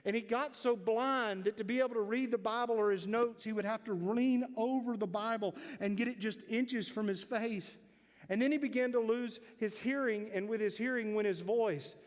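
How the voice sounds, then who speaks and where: A man's voice: high-pitched, in a large hall. A man preaching a sermon in a church, telling a story with drama and building to emphatic declarations. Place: church sanctuary.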